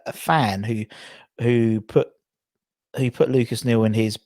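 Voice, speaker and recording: A man's voice: mid-range voice, fairly even intonation, a little slow, darkish tone, dry recording, studio quality. A man hosting a casual football chat, telling stories in a rambling way with lots of fillers and restarts. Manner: chatty, rambling storyteller with frequent fillers and restarts. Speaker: podcast host.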